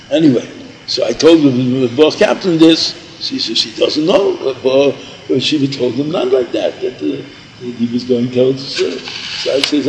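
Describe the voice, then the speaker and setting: Older man, gravelly, rambling storyteller who repeats himself, light background hiss. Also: medium pitch, moderate pace, rough recording. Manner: meandering, repeats himself, mixes in Yiddish and Hebrew words. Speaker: storyteller recalling yeshiva days.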